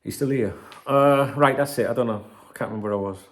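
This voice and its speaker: A man's voice: medium pitch, fast talker. Sweary, rambling man ranting. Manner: animated, sweary, rambling, bitter banter. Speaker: football channel host. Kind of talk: casual ranting vlog.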